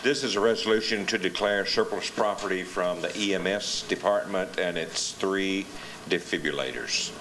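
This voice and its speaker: A man's voice: low-pitched, normal speed. A man commissioner with a Southern American accent formally presenting a resolution and reading out its number. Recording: noisy meeting-room recording.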